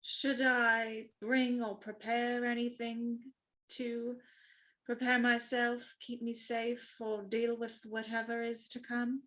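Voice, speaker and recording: A woman's voice: fairly high pitch, slow. Bridget, a woman playing a poised servant. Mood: composed. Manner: polite, calm, and dutiful.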